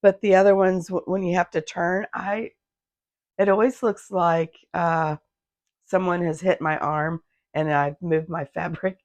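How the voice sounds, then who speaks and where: A woman with a slightly low, hoarse and gravelly voice, talking casually in her sewing vlog. She wanders off track and corrects herself as she goes. The sound is dry and close, caught on a phone in her home sewing room. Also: steady tone, a little slow, a little mellow, no room sound. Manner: rambling, loses her thread and restarts. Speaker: handmade business owner, vlogger.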